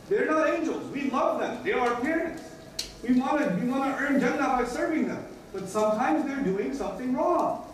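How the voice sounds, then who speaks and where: Preacher in a big echoey hall. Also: male voice, extremely high pitch, slight background noise. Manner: earnest, acts out little dialogues with other voices. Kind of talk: sermon. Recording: echoey hall, mic from a distance.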